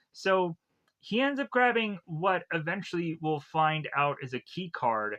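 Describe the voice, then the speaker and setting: Bright-voiced man rambling through a plot recap. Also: sits high, animated. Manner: rambling, filler-heavy retelling with quick acted quotes. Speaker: film reviewer.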